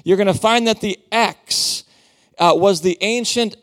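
A man preaching as a guest speaker, animated and joking with the congregation. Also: high voice, a little slow. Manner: animated, theatrical, joking with the crowd. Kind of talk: sermon with book promotion. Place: church hall.

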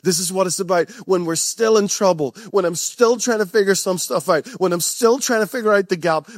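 A man's voice: high voice, no echo, studio quality. A man preaching a passionate sermon to a church, repeating phrases and chuckling often. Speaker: pastor.

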